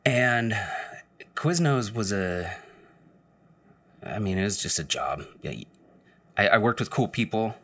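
A man with a low-set voice tells a personal anecdote in a loose, casual storytelling style. He rambles, breaks off and restarts often, with plenty of fillers along the way. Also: animated, slow, pauses often, fairly bright tone.

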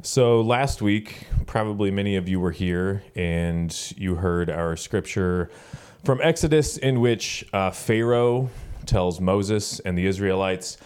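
A man in his thirties, a pastor preaching a sermon in a relaxed, storytelling way with many fillers. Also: low voice, slow pace, smooth. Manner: conversational storytelling with frequent fillers. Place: church gathering.

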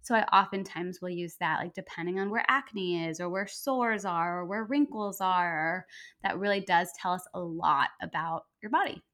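A woman's voice: lowish voice, normal speed, pushed and bright. A woman acupuncturist, a guest in a podcast interview, giving enthusiastic, rambling explanations with many fillers.

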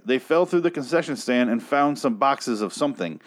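A man's voice: mid-range voice, animated, fairly quick. A man hosting his own episode review show, ranting with profanity and sarcasm about how bad the episode was.

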